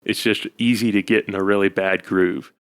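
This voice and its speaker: A man's voice: low voice, steady tone, normal speed. A man co-hosting a casual podcast chat, rambling and self-deprecating with lots of fillers. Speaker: podcast co-host, husband.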